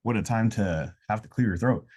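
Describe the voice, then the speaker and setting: A man's voice: on the low side, a little fast, a little mellow. A man hosting a casual live podcast, talking in loose, rambling, motivational stretches with frequent "uh"s and restarts. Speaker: podcast host. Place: indoors during a live podcast, with noise around.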